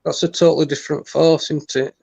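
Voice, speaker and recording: A gravelly-voiced man joining over a dull, dry-sounding remote line. He rambles bluntly, restarting his sentences as he goes. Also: on the high side, flat delivery, brisk, darkish tone, no room sound. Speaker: guest. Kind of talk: casual chat.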